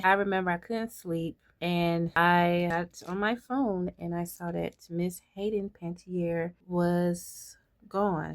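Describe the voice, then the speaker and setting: Woman, low voice, beauty vlogger, halting, repeats herself, dry close sound. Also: creaky, no room sound. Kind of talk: emotional personal monologue.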